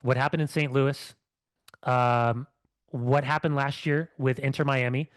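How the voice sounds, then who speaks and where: A man's voice: medium pitch, steady tone, a little slow, dry recording. Fired-up middle-aged man, dry sound. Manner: fired-up ranting with restarts. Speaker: podcast co-host, former athlete. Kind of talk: casual podcast chat.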